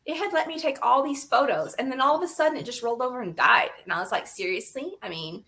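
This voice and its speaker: A woman guest telling animated, laughing stories in casual conversation, often acting out what other people said. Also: sits high, fast, gravelly, a little hiss or hum.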